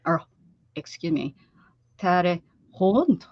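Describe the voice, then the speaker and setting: A woman's voice: on the low side, very animated, extremely slow, no room sound, lo-fi sound. A woman in her fifties hosting a craft livestream, chatty and self-teasing, laughing often. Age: 50s. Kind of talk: casual livestream chat. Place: home craft room.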